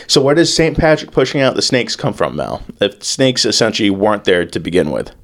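A man's voice: lowish voice, big pitch swings, fairly quick. A man co-hosting a podcast, rambling and joking with plenty of profanity. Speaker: podcast co-host. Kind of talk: casual comedic chat.

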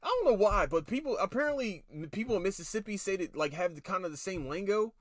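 A man hosts a casual podcast, rambling loosely and cursing freely as he reviews shows. His voice sits fairly high for a man. The sound is dry and close, with no room echo. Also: lively intonation, fast. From Philadelphia, USA. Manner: rambling, profane, self-interrupting. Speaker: podcast host.

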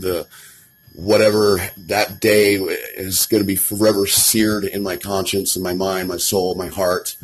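Casting: low, husky-voiced guy, emotional, earnest recovery testimony with lots of false starts. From Colorado, USA. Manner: earnest and emotional, swears often, many restarts. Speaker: person in addiction recovery. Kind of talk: personal recovery story.

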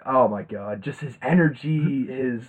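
A man's voice: medium pitch, a little slow, a crowd in the background. A young man co-hosting a sports podcast, chatting casually and animatedly, swearing freely and laughing often. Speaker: podcast co-host. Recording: tinny phone-like sound.

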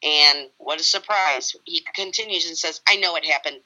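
A woman's voice: low-pitched, normal speed, sharp tone, low-quality recording. A woman co-hosting a casual true-crime chat, blunt and emphatic.

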